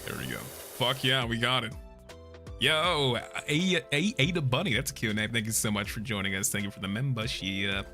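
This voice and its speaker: A young man chatting casually while streaming a game, excitable and profane, laughing often and bursting into shouts. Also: medium pitch, moderate pace. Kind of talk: casual gameplay stream chat. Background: game music.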